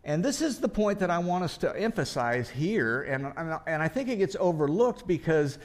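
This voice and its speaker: A man's voice: a little high, very animated, normal speed. A man preaching a sermon in a conversational way, asking rhetorical questions and often restarting as he thinks aloud. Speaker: pastor.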